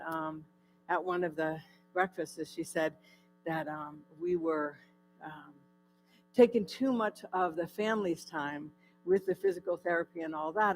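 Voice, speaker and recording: A woman's voice: on the low side, darkish tone, poor audio. A woman giving her personal testimony at a church in a candid, conversational storytelling way. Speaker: guest speaker sharing her testimony.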